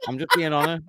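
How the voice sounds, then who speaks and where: A man from Liverpool with a London accent, a panelist chatting about football in a laid-back, jokey way. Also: high-pitched. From Liverpool, England. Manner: laid-back, jokey banter with local slang. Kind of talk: casual football chat.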